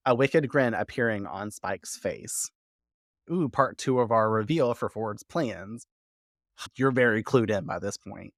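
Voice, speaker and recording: A man hosting a podcast who recaps a TV episode in a casual, profane and animated way, full of quoted asides. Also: medium pitch, moderate pace, no room sound, studio quality. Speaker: podcast host.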